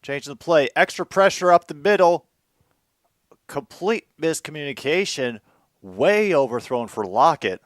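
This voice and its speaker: Excitable man calling a football game. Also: on the high side, a little slow, dry recording. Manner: excitable, swings from dry asides to loud outbursts. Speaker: host doing live game commentary. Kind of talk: casual live play-by-play commentary.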